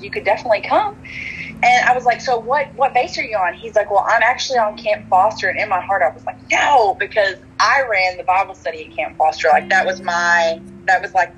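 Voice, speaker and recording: A woman's voice: mid-range voice, lo-fi sound. Texan woman just chatting, lots of "like", acts out what everyone said, bit of background hiss. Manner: chatty, many "like" fillers, animated quoted dialogue. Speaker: guest telling a story. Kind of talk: casual storytelling chat.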